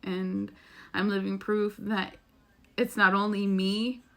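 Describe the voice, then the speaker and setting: A woman's voice: mid-range voice, flat delivery, slow pace, a bit bright. A woman talking earnestly and emotionally to her viewers in a casual spiritual vlog, rambling and swearing now and then. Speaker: spiritual vlogger. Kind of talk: heartfelt casual monologue.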